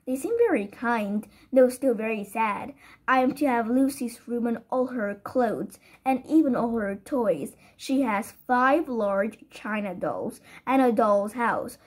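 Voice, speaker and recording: A shy, tearful orphan girl, as a woman narrator puts her on, speaking softly and a little breathlessly in a storybook reading. The voice sits fairly high and has a husky, breathy edge. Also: a little slow. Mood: tearful, wistful. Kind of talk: audiobook character voice.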